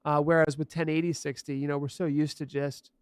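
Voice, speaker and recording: A man's voice: fairly high pitch, flat delivery, a little fast, clean tone, dry recording. A man co-hosting a live streaming tech podcast, explaining hardware in casual, enthusiastic chat. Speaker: podcast co-host.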